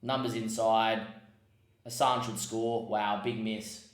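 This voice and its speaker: A man's voice: lowish voice, level tone, takes it slowly, reverberant. A man giving casual commentary on his football management game, muttering asides and breaking into frustrated outbursts. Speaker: gaming podcast host.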